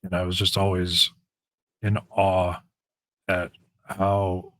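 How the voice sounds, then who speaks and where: A man with a raspy voice, a guest telling stories casually in an interview and acting out the lines of people in them. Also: low voice, takes it slowly, no room sound. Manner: animated storyteller, acts out quoted lines.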